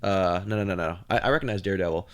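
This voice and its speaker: A man's voice: low voice, racing. A young man co-hosting a podcast in casual chat, rambling with lots of slang and laughter. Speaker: podcast co-host.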